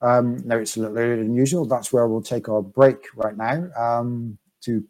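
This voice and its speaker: A man narrating as game master of a tabletop role-playing game, pausing often and chuckling now and then. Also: medium pitch, steady tone, darkish tone, poor audio. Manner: hesitant, many ums, chuckling.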